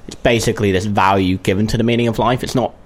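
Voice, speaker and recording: A man's voice: fairly low pitch, fairly even intonation, quick pace. A British man with a lisp, chatting casually and jokily as a radio co-host. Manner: chatty, rambling, jokey. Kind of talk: casual chat.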